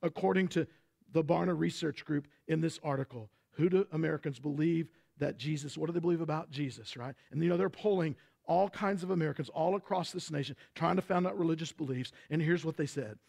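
Texan pastor, male, high-pitched and gravelly, preaching with emphasis. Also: fairly quick, a little mellow. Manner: emphatic preaching, rhetorical questions. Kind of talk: sermon.

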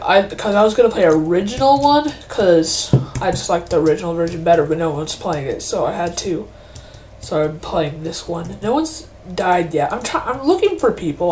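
Young woman rambling slowly over her game, grumbly and chatty, faint typing in the background. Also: fairly low pitch, darkish tone, slight background noise. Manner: chatty, talks to herself while playing, mock-grumpy outbursts. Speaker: gaming channel host. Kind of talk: casual gameplay commentary.

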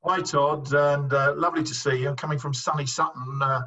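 Man from england, husky, bright edge, far from mic, dull lo-fi sound. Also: a little high, fairly even intonation. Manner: halting, searching for words. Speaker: guest asking a question. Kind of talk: asking a question on a video call.

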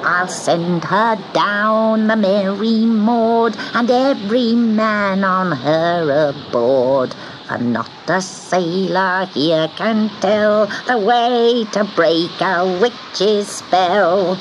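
A woman voicing a spiteful sea witch who chants her curse slowly. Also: medium pitch, highs cut off. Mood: menacing. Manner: slow, drawn-out chanting. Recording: background noise.

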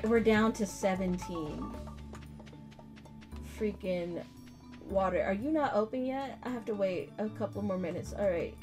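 Chatty slangy woman gamer. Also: medium pitch. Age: 30s. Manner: chatty, slangy, self-mocking. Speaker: gaming video host. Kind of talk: casual gameplay commentary. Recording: game music behind. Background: game music.

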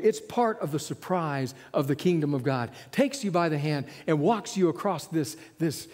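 A man delivers a storytelling sermon in an unhurried, drawn-out cadence. His tone is dark and slightly husky, with wide swings in pitch. A long reverb from a large hall hangs on his voice. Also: sing-song. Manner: storytelling, voicing quiet hushed lines for Jesus and the listener. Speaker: preacher. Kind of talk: sermon with imagined dialogue.

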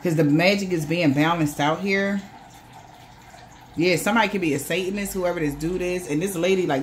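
A woman on the low side of the pitch range reads tarot briskly and casually, swearing freely and voicing the people she describes. The audio carries a little hiss or hum.

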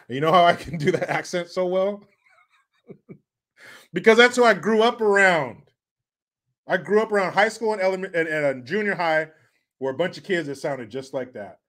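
A man's voice: high-pitched, normal speed, pauses often, a bit bright. A man from Central California, hosting a livestream, chatting in a crude, joking way and reading out viewer comments. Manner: crude, joking, laughs often. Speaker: livestream host.

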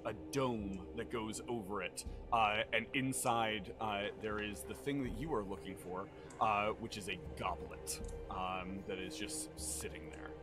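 Guy running a d&d stream, lots of ums, music playing behind. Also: fairly low pitch. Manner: rambling, full of fillers, laughs often. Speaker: game master. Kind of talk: narrating a tabletop game on a live stream.

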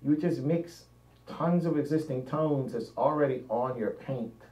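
Unhurried and dark in tone, a man's mid-range voice accompanies a painting demonstration as he thinks aloud, frequently breaking off mid-sentence. A distant mic yields roomy, dull, lo-fi audio.

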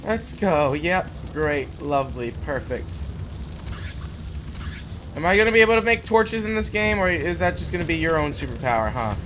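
A man's voice: on the high side, sing-song, normal speed, noisy background. A young man giving let's play commentary, jumpy and sarcastic, yelping when startled. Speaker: gamer.

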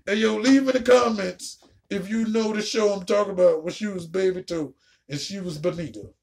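A woman ranting casually and profanely while reacting to a show, with a raspy, gravelly voice. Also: mid-range voice, moderate pace, darkish tone. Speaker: video reactor.

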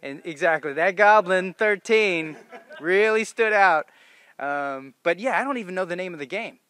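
Animated laughing man telling stories. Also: high voice, moderate pace, no echo. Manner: animated, laughs often, acts out quotes. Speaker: voice actor guest. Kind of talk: convention interview storytelling. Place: convention venue.

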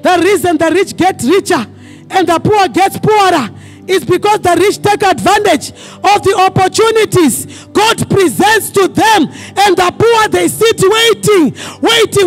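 Very high-voiced, gravelly preaching man. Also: unhurried, soft background music. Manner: preaches with call-and-response questions to the congregation; often breaks into fervent shouting. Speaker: pastor. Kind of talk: sermon. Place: church service.

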